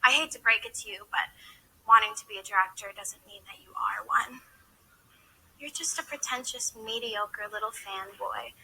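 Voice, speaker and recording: TV drama: scornful young woman, cutting delivery, piercing bright voice with vocal fry. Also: mid-range voice, moderate pace, slight background noise, rough recording. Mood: contemptuous. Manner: cutting, contemptuous. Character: scornful young woman mocking a wannabe director.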